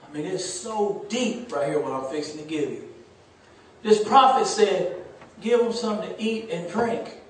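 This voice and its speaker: A man preaches a sermon in a high voice that rises to shouts and drops to near whispers. He is recorded from a distance in a very echoey church room. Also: moderate pace. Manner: swings from loud preaching to hushed near-whisper, Southern US dialect. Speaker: pastor.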